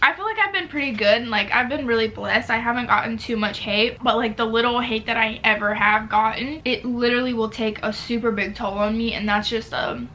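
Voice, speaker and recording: A woman's voice: on the high side, a little fast, hardly any pauses, pushed and bright, slight background noise. A nineteen-year-old woman chatting casually through a Q&A while eating at home, with lots of filler words. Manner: chatty, filler-heavy, talks with mouth full. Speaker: YouTuber. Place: home near a street.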